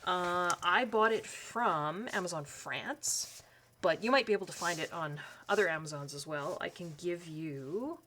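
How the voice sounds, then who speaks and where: A woman talks casually while she pages through a colouring book, her voice pitched a little low. She rambles, restarts her sentences and fills the gaps with "um" and "like". Some faint room ambience sits quietly behind her. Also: measured pace, slight background noise. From Canada. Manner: rambling, self-correcting, with frequent fillers. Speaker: colouring channel host. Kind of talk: chatty book flip-through narration.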